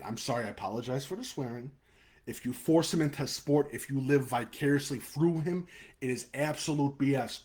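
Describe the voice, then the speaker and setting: Man, chicago-area accent, blunt fired-up webcast host, middle pitch. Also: breathy edge. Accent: Chicago-area American. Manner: blunt, fired-up, swears then apologizes. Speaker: high school football show host. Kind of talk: live webcast rant and game preview.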